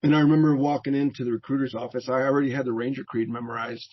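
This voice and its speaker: A man's voice: medium pitch, racing. A middle-aged American man, a veteran and therapist, telling stories from his youth as an interview guest, laughing often and acting out the people he quotes. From United States. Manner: relaxed storyteller who laughs often and acts out quoted voices. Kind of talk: casual storytelling. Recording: dull lo-fi audio.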